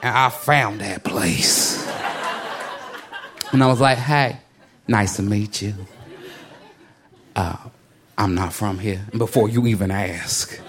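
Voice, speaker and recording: A man doing a stand-up comedy set in a club, telling a story animatedly and acting out the people in it. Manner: animated storytelling, acting out characters, swinging pitch. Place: comedy club stage with a laughing audience. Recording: live club recording with crowd laughter and noise.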